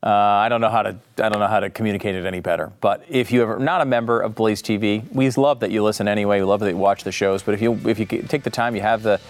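A man's voice: on the low side, fairly even intonation, quick pace, hardly any pauses, soft background music. A man hosting a political talk podcast, delivering sarcastic commentary with frequent asides. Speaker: podcast host.

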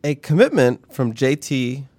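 A man's voice: medium pitch, expressive, measured pace, a little mellow, no room sound. Male podcast host, casual and offhand, dry close-miked voice. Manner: offhand, laughing while making predictions. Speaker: show host. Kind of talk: casual sports podcast chat.

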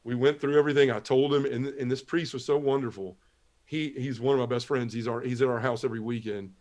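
This middle-aged man talks quickly, his medium-pitched voice steady and a little mellow. Appearing as a talk show guest in a podcast interview, he tells an earnest personal testimony one step at a time, using Southern expressions and performing the words of others.

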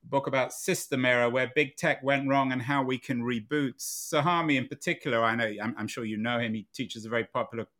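A man's voice: mid-range voice, steady tone, fairly quick, hardly any pauses, a bit bright. A man hosting an interview, asking long, framing questions at a conversational pace. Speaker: interview host. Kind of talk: podcast interview.

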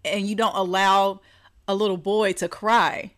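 A woman co-hosting a relaxed talk show, speaking earnestly at a middle pitch. She tells stories in an even, conversational way and slips into quoted lines as she goes. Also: a little slow. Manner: earnest, storytelling, acts out quotes. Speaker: podcast co-host. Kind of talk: casual conversation.

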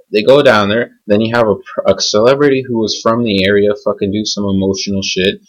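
A man's voice: lowish voice, rough recording. Swearing, cynical man ranting. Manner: angry, cynical, heavy swearing. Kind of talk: profane ranting monologue.

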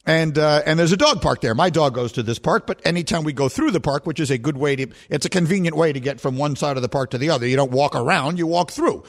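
Fast and nearly pause-free, a slightly high male voice carries a sports radio show from a studio microphone. The host tells stories with animated, casual banter, often bursting into laughter at his own jokes.

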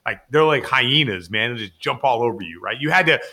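Bright-voiced man telling a wild story. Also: mid-range voice, fairly quick. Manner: lively anecdote-telling with heavy "like" fillers and acted-out quotes. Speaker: podcast guest, former player. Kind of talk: animated storytelling.

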